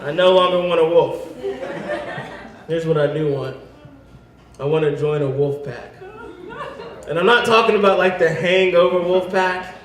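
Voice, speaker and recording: High-voiced man doing stand-up in an echoey room. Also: normal speed. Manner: deadpan setups, then animated acted-out voices. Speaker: stand-up comedian. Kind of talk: stand-up comedy set. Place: comedy venue stage with audience. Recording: echoey room, mic from a distance.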